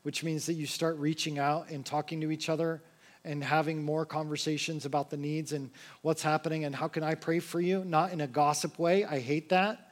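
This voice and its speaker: A young man preaching a sermon in a casual, conversational way, slipping into lively acted quotes. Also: fairly high pitch, moderate pace. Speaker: pastor.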